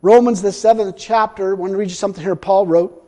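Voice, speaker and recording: A man preaching a sermon in a folksy way, repeating himself and swinging between loud and hushed. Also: high-pitched, steady tone, quick pace. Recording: long hall reverb.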